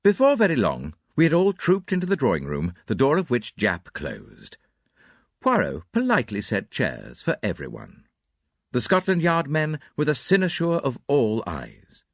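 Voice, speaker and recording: A man reading a mystery novel aloud as an audiobook narrator, with an expressive, dramatic delivery. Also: medium pitch, moderate pace, dry recording, studio quality. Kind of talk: scripted narration.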